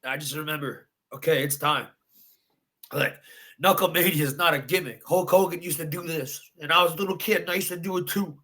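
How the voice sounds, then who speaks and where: In a post-fight interview, an adult man who fights bare-knuckle tells the story of his victory with intense emphasis, repeating phrases. He talks fast in a fairly high voice with a sharp tone.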